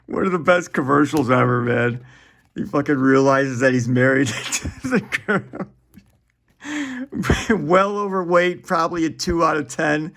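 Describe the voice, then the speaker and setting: A man's voice: a little high, normal speed, vocal fry, fairly bright tone. A man in his forties chatting casually while opening trading card packs, rambling and profane, chuckling often.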